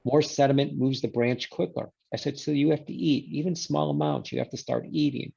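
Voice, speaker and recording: A man's voice: a little high, a little fast, vocal fry, slightly rough, muffled recording. A man, a guest in a conversation, telling a story and acting out the quoted exchanges. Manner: animated storyteller who voices quoted exchanges.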